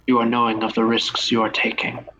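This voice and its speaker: Stern lord with clipped formal grammar, played by a man, bright tone. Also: medium pitch, monotone, brisk, dull audio, a little hiss or hum, lightly acted. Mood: grave. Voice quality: stilted speech, "I am having" phrasing. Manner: grave, warning. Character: Hanzo, wary old castle lord with odd grammar.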